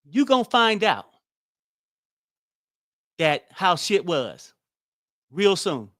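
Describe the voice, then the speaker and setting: A fairly high-voiced man, ranting bluntly and wearily. He swears freely and sounds exasperated, recorded close and dry with no room sound. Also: very animated, very slow, long pauses, a bit bright, no room sound. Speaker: political commentary host. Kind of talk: casual political commentary.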